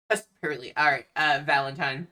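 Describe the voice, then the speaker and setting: Low slow woman dm, bright tone, laughs a lot while calling the rolls. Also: expressive. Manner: unhurried, laughs often between rulings. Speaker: game master. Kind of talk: running a tabletop game.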